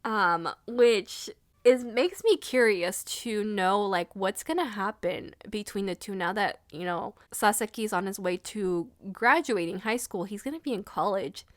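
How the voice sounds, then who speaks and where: A woman's voice: mid-range voice, measured pace, no room sound, clean studio sound. A woman reviewing an anime episode in a casual, gushing and emotional way, with lots of fillers.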